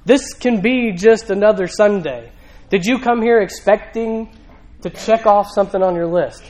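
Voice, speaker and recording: A man's voice: high-pitched, normal speed, darkish tone, rough recording. A male pastor preaching a sermon in a church, talking conversationally with rhetorical questions and emphatic repetition.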